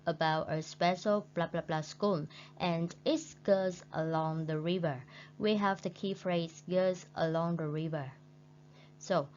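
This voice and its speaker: A woman teaching English with a Vietnamese accent, speaking very slowly and patiently in a fairly low voice. She repeats each new word for her students. The recording sounds dull and lo-fi, with a faint hum underneath. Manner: slow, patient, repeats words for learners. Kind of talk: recorded classroom lesson.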